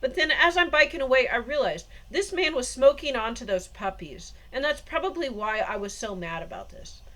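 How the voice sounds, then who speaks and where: A woman's voice: high-pitched, expressive, normal speed, a bit bright. A woman vlogger telling a long, meandering story in a casual monologue, with frequent laughs. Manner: rambling, meandering, laughs often.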